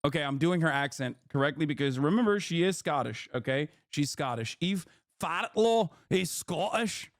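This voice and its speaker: A male streamer reacting live, loud and mocking, swinging into animated rants. His voice sits high for a man and sounds close and dry. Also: moderate pace, no echo.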